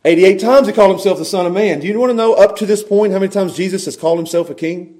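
High-voiced animated male preacher. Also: rapid-fire. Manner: animated preaching, swinging from quiet to loud, chuckling between points. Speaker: pastor. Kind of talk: sermon.

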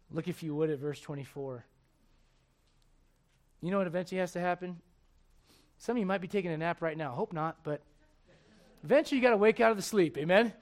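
A male pastor with a notably high voice delivers a lively sermon. He jokes with the congregation and slips into acted-out voices, animated throughout. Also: a little fast, long pauses. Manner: animated, joking, acts out voices.

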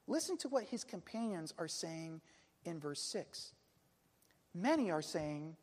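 A man preaching a sermon earnestly, dropping soft then pressing hard. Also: sits high, lively intonation, a little slow, big-room sound. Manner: earnest, swings between soft and emphatic.

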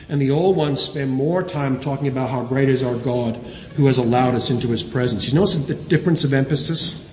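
A man's voice: medium pitch, a little mellow, a little hiss or hum. A man preaching a sermon in a church, earnestly quoting scripture and building emphasis. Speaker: pastor. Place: church sanctuary. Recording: roomy church hall reverb.

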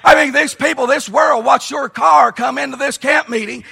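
Man preaching at a camp meeting, high and gravelly, bright and husky, hollering. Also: normal speed. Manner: hoarse, strained, folksy preaching with many "uh"s. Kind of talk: shouted camp-meeting sermon. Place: large church or camp meeting, live congregation.

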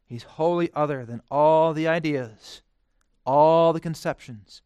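A male preacher delivering a sermon with a high, smooth, resonant voice. He drops to hushed, quiet phrases, then rises to loud, emphatic declarations. The sound is dry and close, with little room echo. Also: unhurried.

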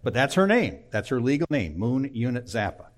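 A man's voice: mid-range voice, sing-song, moderate pace. An older man preaching a sermon in a folksy, conversational way, often checking in with "okay.". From Michigan. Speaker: pastor.

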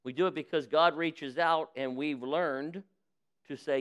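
A man preaching as a pastor, who reads a parable aloud with lively voices for its people and then preaches on it. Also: mid-range voice, moderate pace, lo-fi sound. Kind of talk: sermon with a read-aloud story. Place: church.

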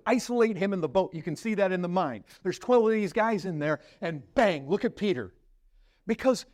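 In his sermon, a male pastor recounts a story vividly, letting his voice fall hushed and low and then climb in intensity. He asks the congregation rhetorical questions.

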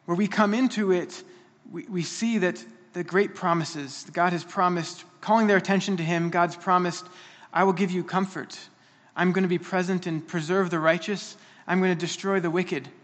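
A man's voice: sits high, fairly even intonation, moderate pace, big-room sound. A man preaching a sermon, earnest and emphatic, often restarting his phrases.

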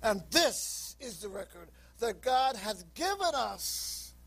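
A man's voice: sing-song, slow pace, vocal fry, breathy edge, rough recording. A man preaching a sermon with passion, reading scripture aloud and calling out to sinners. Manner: impassioned, rising to high shouts; reads scripture aloud in King James wording.

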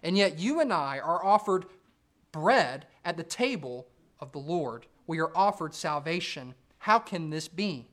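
A man preaching an expository sermon, measured and rising for emphasis. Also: fairly high pitch, expressive, a bit bright.

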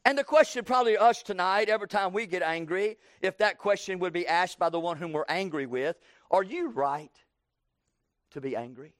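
A man in his sixties preaching a sermon, slowing down for emphasis and breaking into loud acted quotes. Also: high voice, smooth, dry recording, studio quality.

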